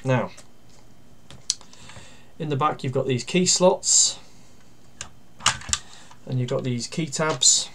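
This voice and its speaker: A man giving a casual toy review. He talks through each step while handling the toy, pausing and using fillers, and grumbles dryly about its flaws. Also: mid-range voice. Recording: steady background noise with plastic clicks.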